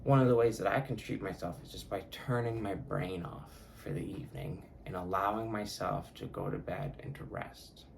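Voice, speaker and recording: A man's voice: low-pitched, lively intonation, normal speed, creaky, few pauses, slight background noise. A man hosting his own podcast, talking casually in a rambling, profane way that often corrects itself. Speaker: podcast host. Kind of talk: casual solo podcast talk.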